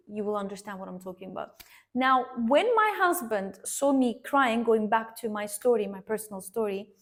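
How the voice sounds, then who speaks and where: A woman earnestly recounting a personal story to her viewers, addressing them directly and pausing to restart her sentences. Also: a little high. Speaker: vlogger sharing a personal story.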